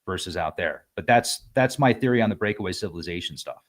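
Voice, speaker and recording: A man speaking as a podcast guest, thoughtful at first and then vivid and excitable. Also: low-pitched, fast. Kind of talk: casual conversation.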